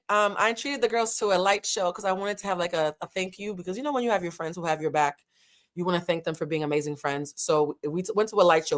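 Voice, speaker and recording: A woman's voice: a little high, a bit bright. Brash, swearing woman recapping reality TV. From United States. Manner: candid, brash, swears freely, quick asides. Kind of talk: casual profane recap commentary.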